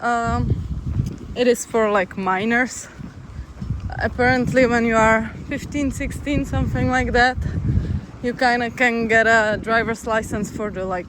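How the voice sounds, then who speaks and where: Slow-talking hiker vlogging on a windy roadside. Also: medium pitch, fairly even intonation. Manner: chatty, easygoing, wry. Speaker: long-distance hiker, vlogger. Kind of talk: casual vlog talk while walking. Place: outdoors by a road in a town, windy. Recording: wind and traffic noise outdoors. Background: wind and passing vehicles.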